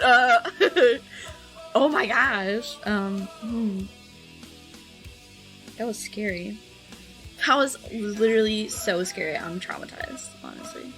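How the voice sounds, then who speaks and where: Drawing on stream, this young woman talks slowly with long pauses in a medium-pitched, fairly bright voice. The audio is poor with faint music behind, and her casual chatter is full of fillers, giggles and little squeals.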